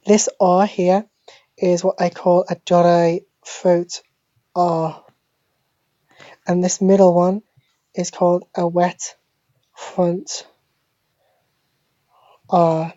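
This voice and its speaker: A woman giving a deadpan parody language lesson, speaking slowly and deliberately and repeating each word like a teacher. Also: on the low side, no room sound. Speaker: mock French teacher. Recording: dull lo-fi phone screen recording.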